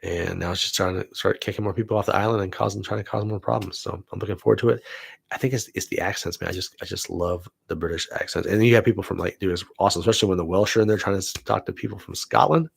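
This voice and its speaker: Man, low husky voice, dry close sound, loose rambling vlog talk, cusses a lot. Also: fast, no echo. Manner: loose and enthusiastic, swears freely. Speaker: vlog host, film student. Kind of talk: casual rambling chat.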